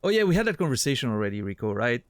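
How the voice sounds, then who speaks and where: A man streaming a game, chatting casually with a deadpan sense of humor and thinking out loud. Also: mid-range voice, racing, dry recording, clean studio sound. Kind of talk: casual gameplay commentary.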